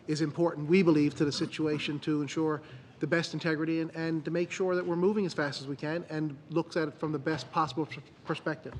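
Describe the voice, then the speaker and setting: A man, a government minister answering in committee in an earnest, halting way. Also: a little high, slight background noise. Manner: earnest, halting, many restarts.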